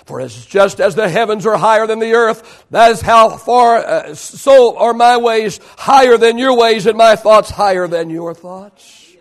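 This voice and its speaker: A man in his fifties preaching a sermon to a church, swinging between loud declarations and hushed whispers. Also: high-pitched, measured pace. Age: 50s. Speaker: pastor.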